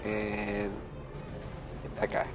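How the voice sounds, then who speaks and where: A man playing in a tabletop game, speaking slowly and deliberately. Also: fairly low pitch, monotone, music in the background. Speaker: player.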